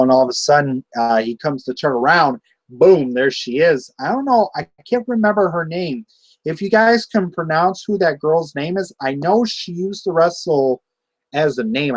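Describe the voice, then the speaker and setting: Rambling excitable young man reviewing. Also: mid-range voice, no echo, poor audio. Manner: rambling, excitable, many fillers and restarts. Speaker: wrestling show reviewer. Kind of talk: casual solo review.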